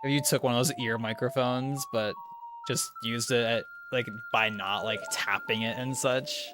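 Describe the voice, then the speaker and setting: A young man with a mid-range voice chats casually while livestreaming a speedrun, with game music behind him. His tone is steady and his pace moderate as he rambles along, full of fillers and chuckling asides.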